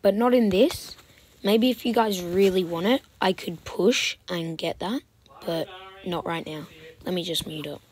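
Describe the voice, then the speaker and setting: A woman giving casual commentary over her game, swinging between loud protests and whispered asides. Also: lowish voice, unhurried. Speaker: gaming commentator.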